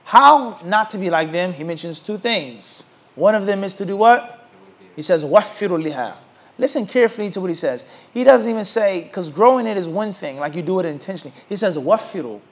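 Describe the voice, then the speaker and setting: High-voiced man teaching a religious class. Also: fairly quick. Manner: asks the class to finish his sentences; animated, mocks opposing views in put-on voices. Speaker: Islamic teacher. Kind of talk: lecture to a class.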